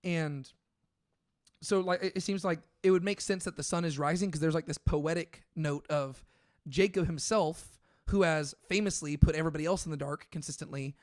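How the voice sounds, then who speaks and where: This man, a podcast co-host, thinks out loud through a casual scripture discussion, frequently using fillers and correcting himself mid-thought. He speaks at a moderate pace in a voice a bit higher than most men's, recorded close with no echo.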